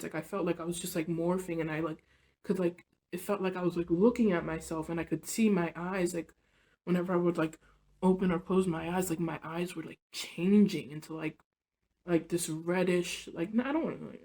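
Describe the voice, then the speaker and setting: A woman telling a personal story on her vlog, rambling and confessional, filling her talk with "like" and "you know" and often sinking soft and low. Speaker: vlogger.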